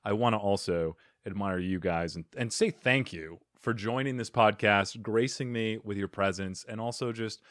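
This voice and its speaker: A man's voice: on the low side, moderate pace, few pauses, fairly bright tone, no echo, studio quality. A man hosting a comedy podcast in casual chat, effusive and playful. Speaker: podcast host.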